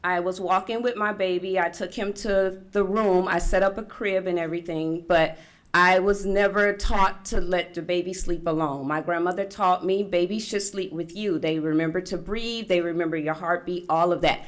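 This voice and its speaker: A woman's voice: fairly low pitch, moderate pace, dull audio. A middle-aged woman speaking at a forum, telling a personal story to an audience and acting out the voices of the people in it. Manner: animated storyteller acting out past conversations. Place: conference room.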